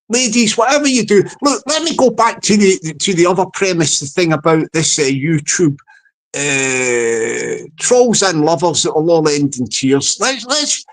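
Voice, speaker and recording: A man vlogging comic commentary, rambling along with many stammered restarts. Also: high-pitched.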